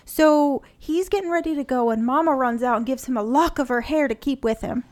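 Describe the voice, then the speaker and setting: A woman co-hosting a comedy podcast, telling stories in an animated, sarcastic way in casual chat. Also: sits high, brisk. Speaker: podcast co-host.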